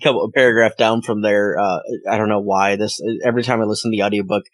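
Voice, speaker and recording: A man co-hosting a podcast, chatting casually in a relaxed, rambling way and reading passages aloud. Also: fairly low pitch, quick pace, dry recording, rough recording. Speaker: podcast co-host, longtime fan.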